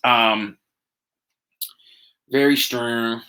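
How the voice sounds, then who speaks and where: Rambling, excitable man hosting a home livestream. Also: medium pitch, drawn-out words. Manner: rambling and excitable, chatting while drinking. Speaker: host. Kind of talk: casual livestream chat.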